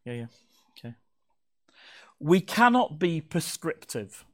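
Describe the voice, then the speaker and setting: A man delivering a sermon from the front of a church, his voice sitting a touch higher than most men's. He talks with a playful, teasing manner, joking with the congregation between points of teaching. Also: very animated, slow. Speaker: pastor. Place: church hall.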